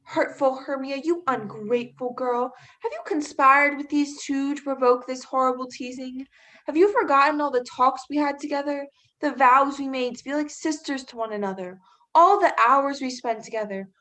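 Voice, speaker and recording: A woman's voice: high-pitched, normal speed, a bit bright. A teenage girl acting as a hurt, jealous young woman in a school stage play, pleading and bitterly sarcastic. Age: teens. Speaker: student actor.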